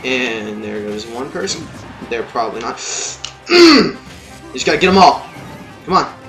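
Excitable young man swearing at a game. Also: mid-range voice, a little slow, reverberant, music in the background. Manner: swearing, yelling and muttering at the game. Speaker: let's play gamer. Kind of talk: gameplay commentary.

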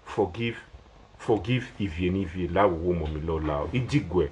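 A young man with a Nigerian Pidgin English accent speaks in a slightly low voice. He rambles and repeats himself as he pleads with his viewers. He sounds like someone talking casually on a live phone video. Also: moderate pace, background noise. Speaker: social media personality.

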